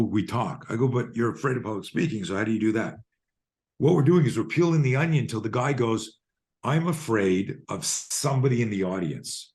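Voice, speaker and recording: A man in his fifties, a fear and self-defense coach, telling stories in a podcast interview and acting out both sides of the conversations. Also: fairly low pitch. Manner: animated storyteller acting out dialogues.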